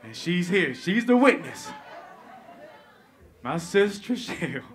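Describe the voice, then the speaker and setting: A man telling a stand-up comedy story onstage, animated and profane, swinging between loud bursts and hushed asides. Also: high-pitched, takes it slowly, some chatter behind, a little hiss or hum. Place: comedy stage before live audience.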